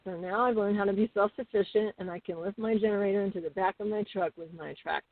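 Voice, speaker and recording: A middle-aged woman telling homestead stories as a guest, chatty and animated with many fillers. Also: medium pitch, fast, no echo. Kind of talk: casual interview storytelling. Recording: tinny phone-like call audio.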